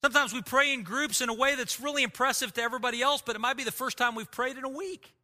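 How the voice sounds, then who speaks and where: Bright-voiced man preaching earnestly. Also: extremely high pitch. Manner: earnest, emphatic preaching with pauses and small restarts. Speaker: pastor. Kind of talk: sermon.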